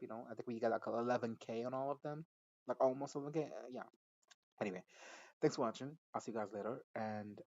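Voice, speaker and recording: Male vlogger, casual reaction recap, animated and foul-mouthed, laughs a lot, average pitch, slightly dull lo-fi sound. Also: no room sound. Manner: animated and profane, laughs often, mimics characters. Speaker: YouTuber recapping a TV episode.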